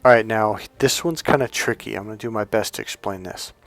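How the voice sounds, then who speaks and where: A man's voice: on the low side, fairly quick, fairly bright tone, soft background music. Rambling man giving a motivational talk. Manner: rambling, searching for words, many restarts. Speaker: life coach. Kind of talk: unscripted motivational talk to camera.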